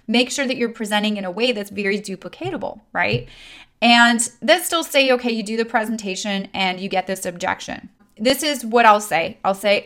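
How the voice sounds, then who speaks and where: A woman's voice: mid-range voice, a bit bright. Woman, sales trainer, casual coaching talk, fillers, asks "right?" a lot. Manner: conversational, frequent fillers and tag questions like "right?". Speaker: network marketing trainer.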